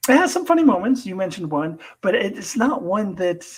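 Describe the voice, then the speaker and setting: A man talks through a TV episode in a relaxed live chat, with a voice sitting a touch high. He sounds enthusiastic and laughs often, and he restarts his sentences as the thoughts come. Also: brisk, husky, rough recording. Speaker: co-host of a TV discussion. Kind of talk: casual chat reviewing a TV episode.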